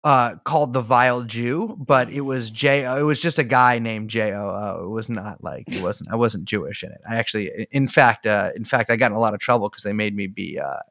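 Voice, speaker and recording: A man's voice: on the low side, brisk, few pauses, a bit bright, no echo. A man co-hosting a podcast in casual chat, joking and sarcastic. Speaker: podcast co-host.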